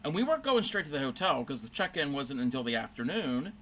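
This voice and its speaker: A man's voice: medium pitch, big pitch swings, fast, a bit bright, a little hiss or hum. A man hosting a crafting livestream, telling a rambling story in casual chat with fillers and self-corrections while he stitches.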